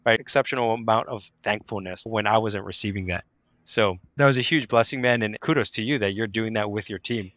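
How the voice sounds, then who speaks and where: A man's voice: fairly low pitch, a little fast, fairly bright tone, no echo. A man hosting a podcast, upbeat and affirming, chatting casually and telling stories. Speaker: podcast host. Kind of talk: casual conversational interview.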